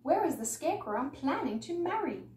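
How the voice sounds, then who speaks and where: Woman as a loyal, earnest scarecrow bride, storybook read-aloud, lively tune, mic at a distance. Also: sits high, fairly quick, voice pushed up. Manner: earnest, pleading. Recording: echoey room, mic far off, faint noise.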